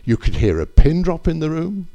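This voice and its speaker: An older man shares testimony at a church gathering. His voice is lively and rises and falls a lot as he rambles through anecdotes. He often stops to correct himself. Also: on the high side, normal speed.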